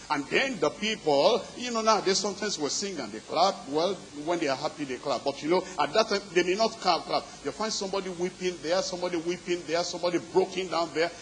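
A preacher with a notably high voice presses his congregation with steady exhortation, his sermon built from rolling, repetitive phrases that stack one on another. The recording is low quality, with a faint hiss underneath.

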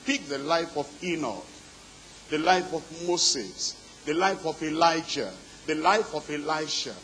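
A man's voice: a little high, a little slow, fairly bright tone, slight background noise, low-quality recording. A man preaching a sermon, exhorting his listeners in rhythmic, repetitive lists.

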